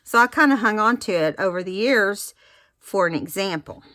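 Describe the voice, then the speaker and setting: A woman's voice: medium pitch, lively intonation, normal speed, fairly bright tone, no room sound, studio quality. A woman giving a casual craft tutorial, chatty and explaining each step with fillers and restarts. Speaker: craft instructor.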